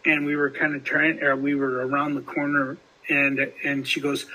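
A man's voice: on the high side, level tone, moderate pace, hardly any pauses, bright, forceful tone, low-quality recording. A man hosting a casual recovery podcast, telling a story in rambling fashion with many restarts and fillers. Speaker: podcast host.

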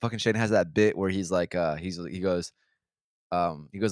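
Close, dry recording captures a young man, a podcast host with a low voice, rambling through a story laced with swearing. He restarts his sentences again and again and breaks into quick impressions of the people in it during the casual chat.

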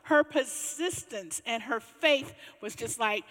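A woman pastor preaching in a lively storytelling style that builds to exclamations. Her voice sits slightly high, and the sanctuary adds a long, ringing reverb to every phrase. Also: slow. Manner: animated storytelling, swelling to exclamations. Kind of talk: sermon.

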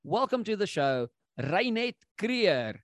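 A man's voice: sits high, sing-song, slow, no room sound, studio quality. A man hosting a podcast in a playful, upbeat casual chat. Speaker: podcast host.

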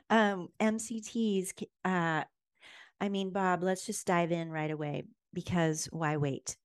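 A woman hosting a podcast, bubbly and quick to laugh in casual chat. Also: on the low side, fairly even intonation, clean tone, dry recording, clean studio sound. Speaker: podcast host.

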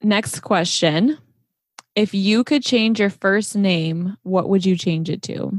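A woman's voice: mid-range voice, takes it slowly, no room sound, studio quality. A woman co-hosting a podcast in casual chat, frank and profane, teasing her friend. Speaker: podcast co-host.

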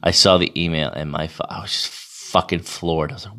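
A man's voice: deep voice, fairly even intonation, a little fast, few pauses, a bit bright. A young man from Massachusetts, a beer league hockey goalie, ranting casually to camera with profanity and lots of fillers. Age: young adult.

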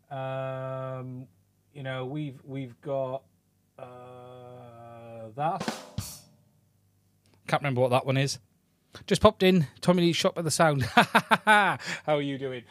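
A man's voice: medium pitch, clean tone, dry recording. A man hosting a weekly tech live stream, casually chatting and greeting viewers by name.

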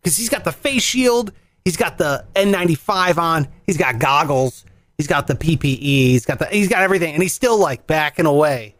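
A man telling a story in casual chat, animated, swearing and acting out voices. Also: on the high side, fairly quick, no echo.

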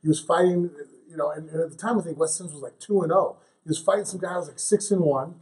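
A man's voice: on the high side, fast, a little mellow, far from the mic. A man co-hosting a podcast, telling a rambling story full of fillers and restarts. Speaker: podcast co-host. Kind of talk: casual podcast chat.

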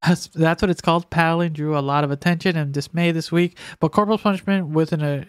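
Smooth-voiced man reading news haltingly. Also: on the high side, fairly even intonation, no room sound, clean studio sound. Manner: reads news aloud haltingly, stumbling over words. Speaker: podcast co-host. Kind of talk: casual podcast chat.

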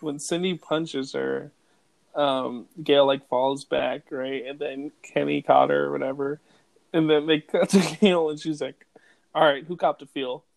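A man's voice: a little high, fairly even intonation, a little slow, vocal fry, a little mellow, no room sound. A young man co-hosting a podcast, joking and laughing as he retells movie scenes and quotes lines in casual chat. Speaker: podcast co-host.

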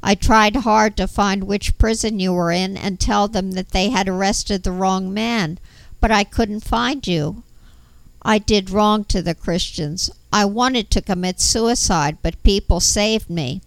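A woman voicing a remorseful former male spy who pleads for forgiveness, speaking slowly and earnestly. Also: medium pitch, dry recording, lightly acted, rough recording. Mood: pleading.

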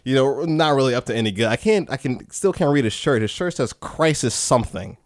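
A man's voice: mid-range voice, lively intonation, fairly quick, no echo, clean studio sound. A man in casual chat, retelling a comic book plot in a rambling way, repeating words, laughing often and acting out the quotes.

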